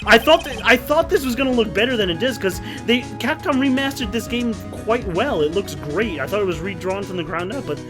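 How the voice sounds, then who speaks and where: Male streamer, casual commentary, animated high-ish voice, cursing, game music underneath. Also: brisk, few pauses. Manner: excitable, swears a lot.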